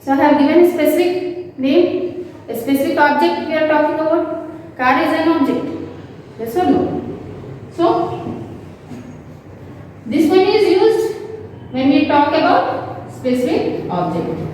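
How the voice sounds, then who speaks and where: A woman teacher, slowly explaining a grammar lesson and often checking that the class understands. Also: high voice, expressive, darkish tone, a little hiss or hum. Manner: slow, repetitive explaining with frequent checks. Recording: echoey hall, mic at a distance.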